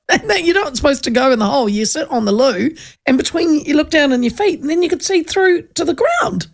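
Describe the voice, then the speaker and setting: Creaky-voiced New Zealand woman host. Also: high voice, lively intonation, a little fast. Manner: chatty storyteller, laughs often. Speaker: radio host. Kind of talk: casual chat.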